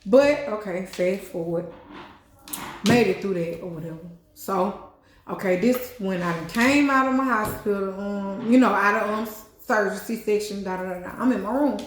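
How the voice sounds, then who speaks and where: A woman telling her life story in a casual storytime vlog, chatty and animated, swearing and leaning on fillers like "you know what I'm saying". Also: mid-range voice, normal speed, a little hiss or hum. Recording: echoey room.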